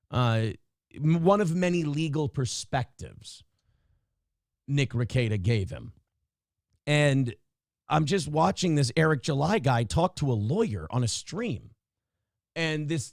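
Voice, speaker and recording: A man hosting a live show, his fairly high voice swinging all over the place as he rants. He swears freely and reads viewer comments out loud. The sound is dry and close, with no room around it. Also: vocal fry, no echo. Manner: profane, animated, reads chat comments aloud. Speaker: host. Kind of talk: casual live-show banter and rant.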